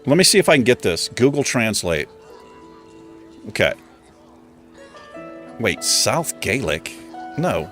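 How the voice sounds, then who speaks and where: Speaking slowly with frequent pauses, a livestream host with a fairly low pitch chats casually as faint music plays behind. He's animated and self-mocking, often laughing as he fumbles pronunciations.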